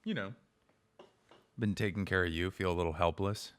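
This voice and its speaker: A man's voice: sits low, normal speed, clear, resonant tone. A man co-hosting a podcast in a studio, rambling through stories and poking fun at himself. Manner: rambling, self-deprecating storyteller. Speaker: podcast co-host. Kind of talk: casual comedic chat.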